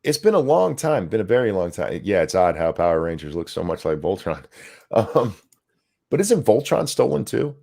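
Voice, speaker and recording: A man co-hosting a casual podcast chat, animated and profane, tripping over words as he reads viewer comments aloud. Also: lowish voice, normal speed, gravelly. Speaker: co-host.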